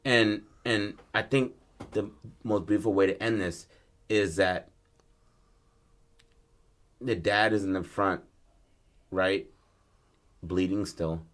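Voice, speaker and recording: Low-voiced male podcast host; laid-back, profane storyteller who acts out his characters' lines. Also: fairly even intonation, slow, long pauses, fairly bright tone. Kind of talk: casual storytelling chat.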